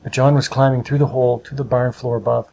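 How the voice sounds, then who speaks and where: A man narrating a storybook with a steady, measured reading. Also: medium pitch, gravelly, slight background noise, rough recording.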